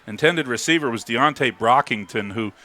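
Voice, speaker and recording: A man calling live football play-by-play, rising to excited calls on big plays. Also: medium pitch, moderate pace, crowd noise. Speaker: play-by-play announcer.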